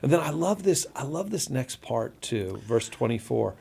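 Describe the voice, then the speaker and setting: A man's voice: medium pitch, big pitch swings, moderate pace, vocal fry, a little mellow, husky. A man pastor hosting a Bible study podcast, talking emphatically and reading scripture aloud with feeling.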